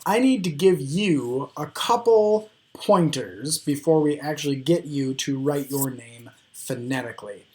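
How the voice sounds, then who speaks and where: A male high school English teacher from the United States giving a slow, deliberate classroom video lesson with frequent ums. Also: darkish tone.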